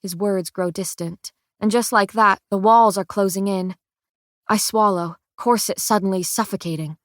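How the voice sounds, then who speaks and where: A woman narrating a first-person fantasy audiobook in a measured, expressive way, recorded on a close studio mic. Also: mid-range voice, no room sound.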